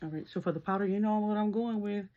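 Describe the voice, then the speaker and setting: Chatty woman vlogger on dull lo-fi audio. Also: quick pace. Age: adult, works as a nurse. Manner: chatty and animated, laughs, slips into high-pitched screams when retelling. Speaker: beauty vlogger. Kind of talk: casual storytelling makeup tutorial.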